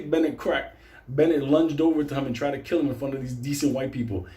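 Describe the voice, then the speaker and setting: A man telling a comic personal story in a casual, animated way, swearing constantly. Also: a little high, brisk, reverberant. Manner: heavy swearing, animated retelling.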